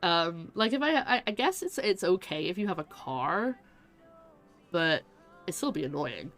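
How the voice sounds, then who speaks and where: A Scottish woman streaming a game and chatting casually in a rambling, animated way. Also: on the low side, unhurried, faint music behind. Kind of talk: casual chat while gaming.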